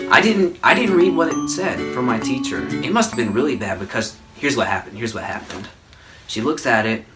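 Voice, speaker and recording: Casting: young male vlogger, animated comic storyteller, mid-pitched, guitar music underneath.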